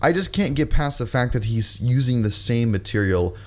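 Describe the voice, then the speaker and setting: A man giving reaction commentary in a dry, sarcastic, measured way. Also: medium pitch, animated. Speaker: commentary YouTuber.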